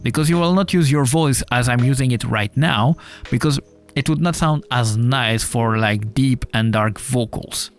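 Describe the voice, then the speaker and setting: A man's voice: medium pitch, moderate pace. A man with a non-native English accent, casually explaining a music production tutorial over a desktop mic, with filler uhs. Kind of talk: screen-recorded software tutorial. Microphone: desktop USB mic.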